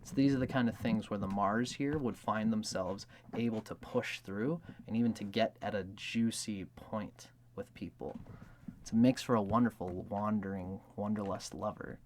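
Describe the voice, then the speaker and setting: A man's voice: lowish voice, steady tone, moderate pace, slight background noise. A man hosting an astrology video, talking in a casual, rambling way with many filler words and acting out quoted lines. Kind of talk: casual explanatory monologue.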